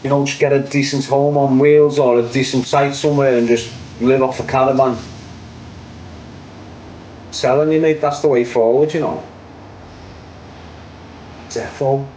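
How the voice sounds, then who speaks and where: A man's voice: medium pitch, steady tone, a little slow, pauses often, darkish tone, a little hiss or hum, poor audio. A young man with a Liverpool accent, ranting opinions on his online show in a casual, repetitive way, ending lines with "mate". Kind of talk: casual livestream rant.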